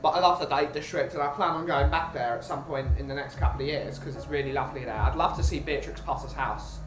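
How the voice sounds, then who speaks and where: Rambling British man chatting casually. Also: on the high side. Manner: rambling, halting restarts. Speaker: podcast host. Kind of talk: casual chat. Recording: roomy with music behind.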